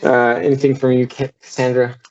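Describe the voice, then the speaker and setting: A man's voice: medium pitch, little pitch movement, brisk, darkish tone. A young man narrating a tabletop game as game master in a loose, filler-heavy way, heard through a dull lo-fi recording.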